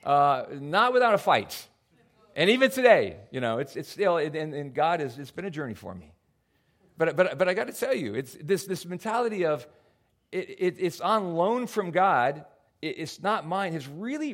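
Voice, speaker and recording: An older man delivers a sermon as pastor, his voice sitting a little high for a man. He tumbles over repeated words as he restarts his sentences. He jumps into little acted-out voices to make his points. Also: moderate pace. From United States. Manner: animated, acts out quoted voices. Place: church hall before a congregation.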